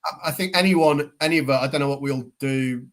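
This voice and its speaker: A man's voice: medium pitch, a little fast. Emphatic man arguing football. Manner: emphatic, argumentative, stammers when starting. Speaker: football podcast panelist. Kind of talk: casual fan chat.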